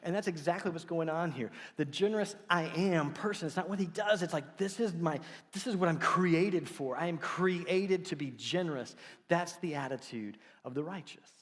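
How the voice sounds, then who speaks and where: A man's voice: a little high, normal speed, long reverb tail. A middle-aged man preaching a sermon as pastor, telling stories and acting out the quotes he tells. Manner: animated storytelling, acts out quotes. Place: church sanctuary.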